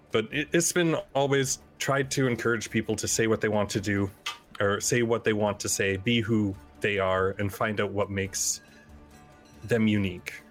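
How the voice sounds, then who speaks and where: A man at a tabletop game delivers an in-character eulogy, earnest but halting, pausing on ums and uhs between thoughts. His voice sits a bit low, with faint music in the background. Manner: halting, earnest, many fillers. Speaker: player.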